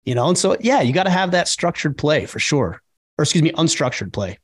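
Emphatic man, slightly high voice. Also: fairly quick, breathy edge. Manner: emphatic, animated when quoting others. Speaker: podcast co-host. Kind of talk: casual podcast chat.

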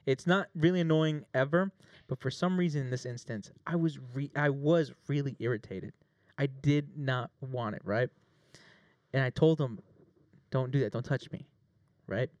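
A man's voice: mid-range voice, moderate pace, no room sound, highs cut off. A man telling a long story with jokes and swearing, playing a plaintiff in a mock trial. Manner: animated, swearing, jokey. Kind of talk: casual mock courtroom storytelling.

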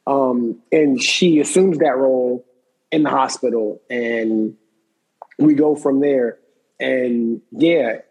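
A man's voice: mid-range voice, slow pace, darkish tone, breathy edge, rough recording. A man in casual chat, recapping a TV episode in a thoughtful, explaining way.

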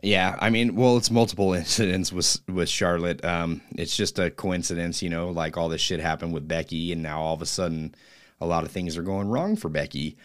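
A man's voice: low voice, brisk. A man hosting a podcast segment, chatting in a laid-back way with chuckling asides. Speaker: segment host. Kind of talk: casual chat.

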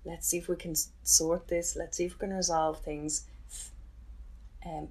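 A woman, recounting a painful chapter of her life in an interview with candid, halting restarts. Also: sits low, level tone, a little mellow. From Ireland. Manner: candid, halting, emotional retelling with many restarts. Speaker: interview guest. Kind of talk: personal storytelling.

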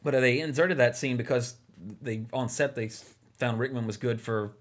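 A man's voice: medium pitch, steady tone, moderate pace. A man co-hosting a casual movie podcast, talking enthusiastically and rambling with lots of fillers. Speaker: podcast co-host.

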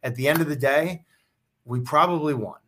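A man's voice: fairly high pitch, normal speed, a bit bright. A man who is a former quarterback, a guest on a talk show, telling stories in casual chat with a lot of "like" fillers. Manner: loose storytelling, heavy with "like" fillers.

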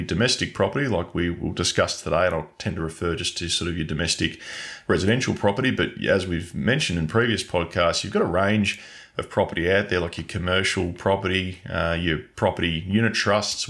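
Deep, easygoing male podcast co-host. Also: gravelly, a bit bright. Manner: easygoing, explains at length. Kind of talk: casual finance podcast chat.

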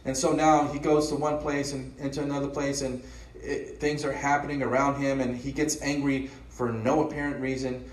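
A man's voice: mid-range voice, flat delivery, moderate pace. A pastor giving an earnest, conversational sermon, often posing rhetorical questions to his listeners. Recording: roomy echo, voice from a distance.

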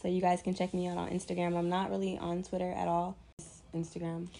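A woman's voice: lowish voice, monotone, a little fast, vocal fry, heavy background noise. A woman guest on a casual podcast, chatty and laid-back, describing her clothing line with many fillers.

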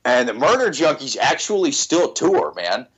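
A man's voice: medium pitch, very animated, moderate pace, slightly rough. A man on a podcast, rambling profanely with many restarts in casual banter. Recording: slightly dull lo-fi sound.

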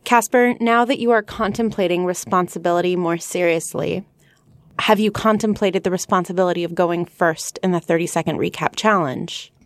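A young woman co-hosting a casual book discussion podcast, animated and quick to laugh. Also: fairly low pitch, no echo. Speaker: podcast co-host.

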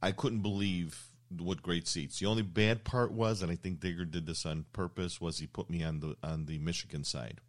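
A man's voice: deep voice, steady tone, normal speed, few pauses. An older man hosting a casual interview, telling rambling anecdotes with plenty of fillers and restarts. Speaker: show host.

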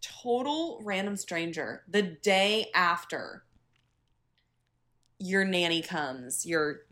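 A woman's voice: on the low side, animated, slow, pushed and bright. A young woman co-hosting a podcast, chiming in with agreement and quoting characters as she recaps a musical. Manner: agreeable, chimes in, quotes characters. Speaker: podcast co-host. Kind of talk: casual chat recapping a musical.

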